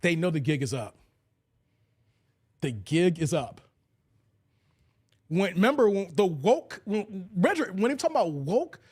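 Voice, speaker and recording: Animated middle-aged man with a Chicago accent and a slight twang. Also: sits high. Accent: Chicago with a slight Kentucky twang. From Chicago suburbs. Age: 40s. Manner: animated, laughing, talks back to chat commenters. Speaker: YouTube commentary host. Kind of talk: casual livestream commentary.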